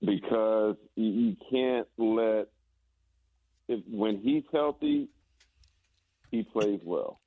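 A man's voice: on the low side, drawn-out words, long pauses, no echo. A man, a former basketball player, chatting casually and telling stories with stammering restarts. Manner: relaxed storytelling, stammering restarts. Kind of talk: casual chat. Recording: tinny phone-like line.

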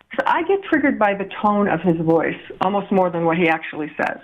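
A woman's voice: mid-range voice, sing-song, brisk, hardly any pauses. Middle-aged woman on a tinny phone line. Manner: warm, explanatory, laughs while giving examples. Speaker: guest relationship coach. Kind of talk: explanatory podcast chat.

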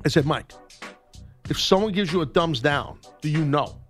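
Animated storytelling man radio host. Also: fairly high pitch, normal speed, faint music behind. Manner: animated storyteller acting out both sides of a confrontation. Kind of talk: radio talk show storytelling.

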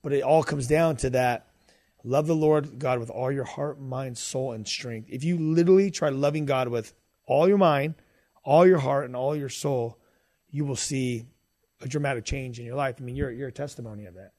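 A man's voice: medium pitch, normal speed, darkish tone, dry recording. A man who is a podcast guest, talking earnestly about faith in a casual way, with many fillers and restarts.

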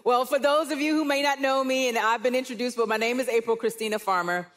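A woman grandmother giving a sermon to a live church audience. Her voice sits a little high, and she brings her stories alive by acting out what family members said. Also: quick pace. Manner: warm storytelling, animated quoting of others. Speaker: guest speaker, church care director.

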